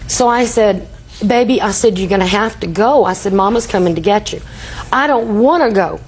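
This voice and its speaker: A woman's voice: mid-range voice, moderate pace, a little hiss or hum, low-quality recording. An older woman testifying in a TV courtroom, telling a rambling story and acting out quoted dialogue. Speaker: litigant.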